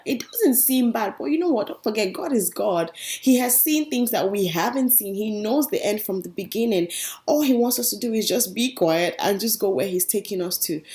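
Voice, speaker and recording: A young Christian vlogger with a fairly high, slightly mellow voice talks to her viewers about her faith. She's earnest and chatty, calls them "guys," and keeps the inspirational talk casual.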